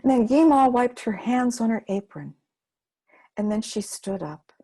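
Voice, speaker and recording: A woman's voice: a little high, animated, measured pace, mellow, slightly rough. A woman storyteller, narrating a folk story expressively.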